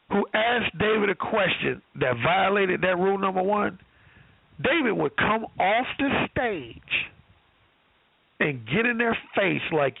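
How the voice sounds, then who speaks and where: Profane, animated male dating coach. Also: high voice, creaky, husky, no echo, narrow, tinny audio. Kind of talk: storytelling on a call-in show.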